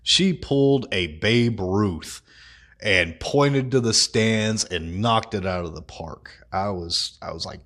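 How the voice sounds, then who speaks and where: Crude, laughing man with a low voice. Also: takes it slowly, fairly bright tone. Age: adult. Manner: crude, joking, laughs at his own humor. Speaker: vlog host. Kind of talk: casual political commentary vlog.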